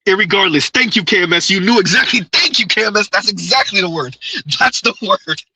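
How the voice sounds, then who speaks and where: Male livestream host, bright and slightly high, rambling and repetitive, laughs a lot, dry close sound. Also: expressive, fairly quick, husky, no echo, rough recording. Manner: rambling, repeats himself, laughs often. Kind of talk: casual live chat reading comments.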